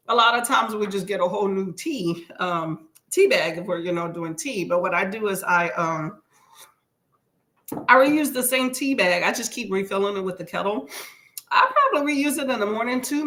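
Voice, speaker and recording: A woman with a bright, fairly high voice hosts a laid-back live reading session from home. She chats easily with her viewers and reads their comments aloud. She calls them y'all. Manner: folksy, addresses viewers as y'all. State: briefly coughing and stuffy. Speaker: livestream reading-sprint host. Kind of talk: casual live chat with viewers. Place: at home near the kitchen.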